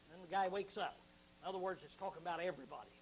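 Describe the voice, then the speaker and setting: A man teaching through a Bible book verse by verse, chatting with many fillers and restarts, reading scripture slowly and with emphasis. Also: sits high, slightly rough, poor audio. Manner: conversational, frequent uh fillers and restarts.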